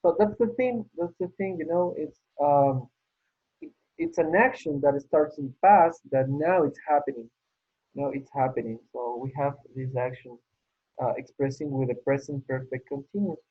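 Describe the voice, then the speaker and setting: Over tinny video-call audio resembling a phone line, a man teaching English online moves through the exercises and patiently praises repeatedly. His voice is a little high and slightly rough, at a moderate pace.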